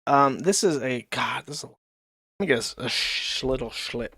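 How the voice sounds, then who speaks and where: Male commentary host, sarcastic and crude, mid-pitched, dry close-mic sound. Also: lively intonation, normal speed, sharp tone, husky, dry recording. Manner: sarcastic, profane, mocking. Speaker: streamer host. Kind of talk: casual commentary reading posts aloud.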